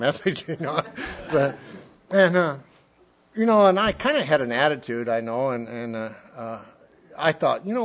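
A man telling a long rambling story from his own life to a group, in a folksy way, acting out other people's voices and laughing as he goes. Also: medium pitch. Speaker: speaker sharing his recovery story. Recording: dull lo-fi recording.

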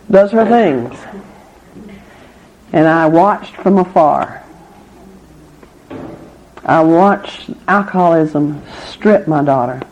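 A woman's voice: warm tone, slight background noise. A middle-aged woman, speaking at a recovery meeting, candid and wry as she tells her own story. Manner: candid, wry, with laughs through hard memories. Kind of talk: personal testimony talk. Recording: muffled low-fidelity recording.

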